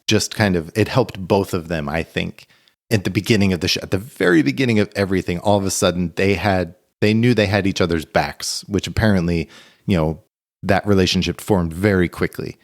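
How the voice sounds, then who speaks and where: A man's voice: deep voice, a little fast. A man co-hosting a podcast in casual chat, rambling through anecdotes with many fillers. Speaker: podcast co-host.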